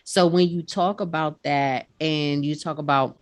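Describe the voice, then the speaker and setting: A woman co-hosts a casual podcast. Her voice sits very low. She slows down deliberately to stress words when she retells an example. The sound is close and dry. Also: fairly even intonation, no echo. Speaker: podcast co-host. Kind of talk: casual chat.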